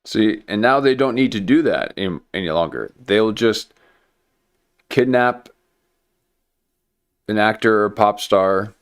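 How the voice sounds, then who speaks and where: A man hosting a livestream talks in a very deep, unhurried voice. He meanders through jokey asides and stops to restart his sentences. The delivery is loose and conversational. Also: clean tone. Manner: meandering, many fillers and restarts, joking. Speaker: livestream host. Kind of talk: casual conspiracy commentary.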